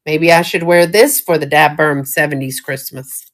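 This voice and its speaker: In a low-pitched voice with fairly even intonation and normal speed, a middle-aged Southern US woman casually shows thrifted jewelry on a live stream. Folksy and relaxed, she often bursts into giggles.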